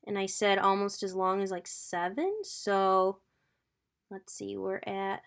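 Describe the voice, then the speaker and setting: A woman's voice: medium pitch, slow, vocal fry. A woman in her twenties hosting a casual crafting tutorial, chatty and thinking aloud as she works. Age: 20s. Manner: chatty, gushing, talks to viewers as "guys".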